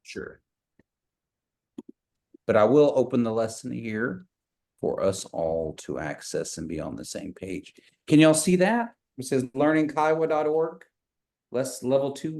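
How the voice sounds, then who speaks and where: A man's voice: mid-range voice, big pitch swings, gravelly, darkish tone. Man teaching a language over video call. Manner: patient, repeats phrases slowly. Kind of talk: online language class. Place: office.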